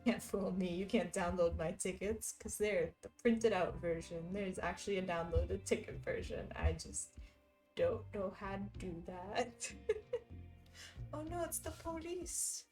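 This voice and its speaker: A woman's voice: fairly low pitch, steady tone, measured pace, darkish tone, faint music behind. A young woman livestreaming, chatting casually and reading viewers' messages aloud while she stitches, laughing often. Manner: giggly, chatty, reads chat messages aloud.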